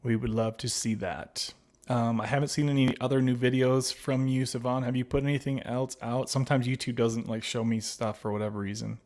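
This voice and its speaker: Casting note: easygoing man, mid-pitched, hosts a livestream, reads chat, laughs a lot. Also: little pitch movement, a little fast, a little mellow. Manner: laughs often, reads chat aloud and replies; friendly, calls viewers babies and buddy. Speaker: livestream host. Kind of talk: casual livestream chat reading comments.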